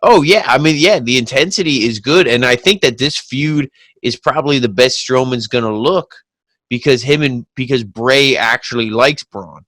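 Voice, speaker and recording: A man's voice: mid-range voice, moderate pace, fairly bright tone, no echo. A man co-hosting a wrestling podcast in casual chat, blunt and laid-back with casual swearing.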